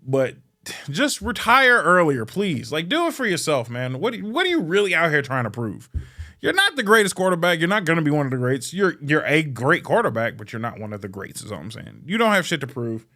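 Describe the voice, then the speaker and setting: Male podcast host from Chicago, fast-swinging profane rant, high animated voice. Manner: profane, blunt, heckling; big swings between muttering and shouting. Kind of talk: ranting casual monologue.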